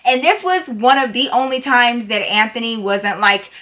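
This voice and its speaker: A woman's voice: fairly high pitch, moderate pace. A young woman telling a personal story in a casual, chatty way, full of "like" and "y'all". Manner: chatty, animated, peppered with "like" and "y'all". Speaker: storytime vlogger.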